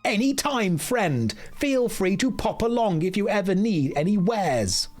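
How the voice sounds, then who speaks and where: A man voicing a cheerful, squeaky male village shopkeeper, reading game dialogue in a bright, welcoming put-on voice. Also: lively intonation, measured pace, slight background noise. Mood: chirpy welcoming.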